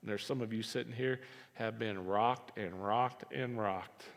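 A man preaching a sermon as pastor, animated and repeating phrases for emphasis. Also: lowish voice, a little slow, vocal fry. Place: church sanctuary. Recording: reverberant hall.

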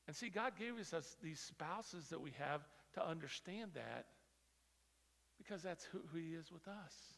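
A male pastor preaching a sermon, moving between quiet low stretches and loud emphatic repetition. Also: lively intonation, moderate pace, creaky. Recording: long hall reverb.

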